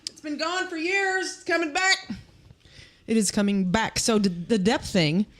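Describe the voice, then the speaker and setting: A woman co-hosting a livestreamed podcast, chatty and quick to laugh and agree. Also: fairly high pitch, fairly even intonation, a bit bright. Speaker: podcast co-host. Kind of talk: casual livestream chat.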